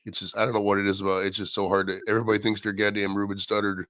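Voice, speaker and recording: A man's voice: on the low side, level tone, very fast, a bit bright, no room sound. Profane ranting man. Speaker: livestream host. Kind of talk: casual chat.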